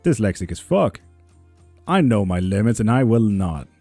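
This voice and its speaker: A man's voice: on the low side, sing-song, moderate pace, mellow, no echo, faint music behind. A man hosting a live tarot stream, chatting casually with viewers and reading their comments. He talks in a joking, rambling way and swears freely.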